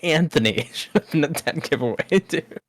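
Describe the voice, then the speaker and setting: A man co-hosting a podcast in casual chat, teasing his co-host with deadpan jabs. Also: a little high, moderate pace, dry recording, studio quality.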